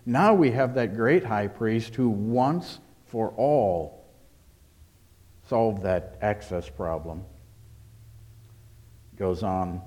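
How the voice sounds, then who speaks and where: A man preaching a sermon as pastor, earnest, with quiet asides and forceful stresses. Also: fairly low pitch, very slow, long pauses. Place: church service.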